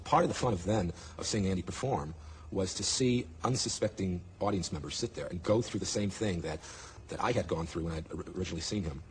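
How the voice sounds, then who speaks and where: A man in a documentary interview, retelling a stage show with lively acted-out reactions. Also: deep voice, brisk, a little hiss or hum. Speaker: interviewee recalling a comedian.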